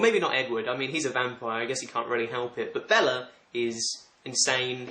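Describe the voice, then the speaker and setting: Sarcastic young British man, bright voice. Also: medium pitch. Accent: British English. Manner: sarcastic, deadpan asides, frequent laughing. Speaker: vlogger. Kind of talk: casual comic vlog, reading aloud and commenting. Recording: echoey room.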